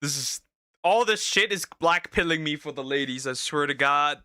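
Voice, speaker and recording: A man streaming, reacting to clips with exasperated, swearing commentary that bursts into laughs and shouts. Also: a little high, moderate pace, clear, resonant tone, dry recording, clean studio sound.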